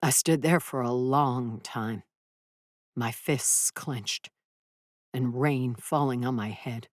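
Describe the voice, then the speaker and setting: A woman with a very deep voice narrates a first-person audiobook at a slow pace, recorded dry and at studio quality. Her delivery is dramatic as she acts out furious dialogue with rising intensity.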